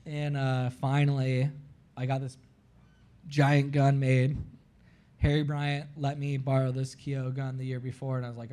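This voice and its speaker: On a live podcast, a guest from Florida works through a long tale, voicing the quotes himself and peppering it all with "like." He's animated, though his mid-range delivery runs a little slow.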